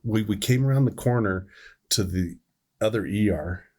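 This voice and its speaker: Husky-voiced man telling a rambling story. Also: lowish voice, normal speed, mellow. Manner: rambling, self-correcting storyteller. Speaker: podcast host, EMS worker. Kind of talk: casual storytelling chat.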